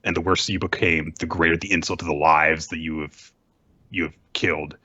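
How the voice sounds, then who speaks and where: A man voicing a stern, vengeful young woman in a low, solemn tone. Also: steady tone, brisk, bright, forceful tone, slightly rough, dry recording, full character voice. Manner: low, grave reading of a quote. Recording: dull lo-fi podcast audio.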